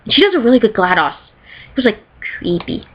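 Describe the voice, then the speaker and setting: A woman vlogger chatting casually and excitedly about things she bought, rambling and giggling, recorded in a bedroom. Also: a little high, fast, slightly rough. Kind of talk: casual chat showing off purchases. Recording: slightly dull lo-fi sound.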